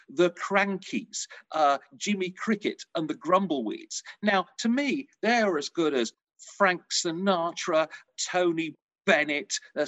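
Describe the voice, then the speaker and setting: A man's voice: fairly high pitch, no echo, poor audio. Chatty man, dry sound. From England. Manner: chatty storyteller, animated. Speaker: showbiz journalist guest. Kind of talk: casual interview chat.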